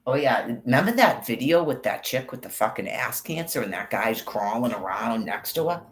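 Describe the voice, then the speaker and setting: A man's voice: medium pitch, lively intonation, moderate pace, a bit bright, slight background noise. A man delivering an angry, rambling monologue, swearing constantly as he rants. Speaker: vlogger. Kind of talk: profane ranting monologue.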